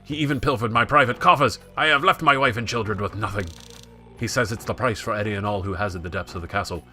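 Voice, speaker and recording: Brief: man playing a doomed, proud knight heir in mock British accent; low, pushing, theatrical. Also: fast, sharp tone, soft background music. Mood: solemn resolve. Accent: British-ish, put on. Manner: grave, theatrical reading. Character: grim young male knight heir, solemn and proud.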